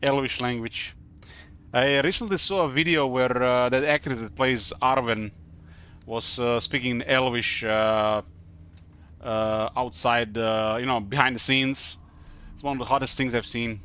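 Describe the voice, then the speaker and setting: A man's voice: medium pitch, fairly even intonation, pushed and bright, clear, resonant tone. A man streaming a video game live, chatting casually and rambling with lots of fillers. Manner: rambling, halting with many fillers. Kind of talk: casual live gaming commentary.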